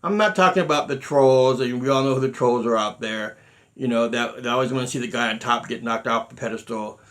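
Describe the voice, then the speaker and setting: A man's voice: mid-range voice, brisk, a bit bright. A middle-aged man, a martial arts grandmaster, talking emphatically in a monologue, repeating words and acting out quotes. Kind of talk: monologue telling stories.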